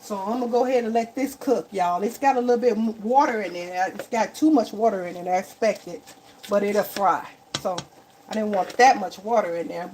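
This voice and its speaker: A woman's voice: medium pitch, a little mellow, slight background noise, low-quality recording. A woman hosting a casual live cooking stream in her home kitchen, chatting to viewers as y'all and tagging okay onto her lines. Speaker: cooking livestream host.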